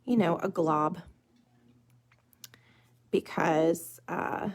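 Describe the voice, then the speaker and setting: A young woman teaching nail art on a live stream. She chats with viewers as "you guys" and "y'all", full of fillers, and murmurs softly while she works. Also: on the low side, extremely slow, husky. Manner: drops to a soft murmur while working close on the nail. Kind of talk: live tutorial demonstration.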